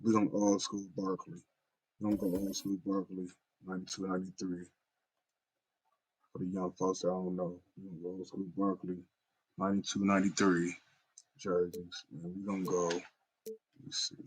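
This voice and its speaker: Laid-back husky low-voiced gamer guy. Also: completely flat delivery, normal speed, pauses often, low-quality recording. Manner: laid-back, slangy, talks straight to viewers. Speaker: gaming YouTuber. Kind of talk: casual gameplay commentary.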